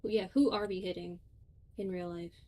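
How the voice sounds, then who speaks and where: A young woman co-hosting a gaming stream, chatting casually with playful jokes and quick asides. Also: lowish voice, fairly even intonation, mellow. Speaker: streamer co-host.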